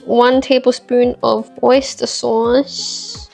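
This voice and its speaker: A high-voiced woman chats through a home cooking vlog. She mutters the steps to herself and pokes fun at her own mistakes. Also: level tone, drawn-out words, vocal fry, a little mellow, faint music behind. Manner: chatty, self-mocking, talks to herself while cooking. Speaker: vlogger. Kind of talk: casual cooking vlog chat.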